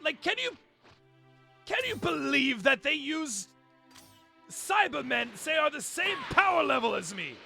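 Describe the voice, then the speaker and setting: A man imitating a brash, arrogant male cartoon warrior in a breathy, half-yelled, indignant voice. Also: very high-pitched, sing-song, measured pace, long pauses, faint music behind, voice pushed up, exaggerated voice.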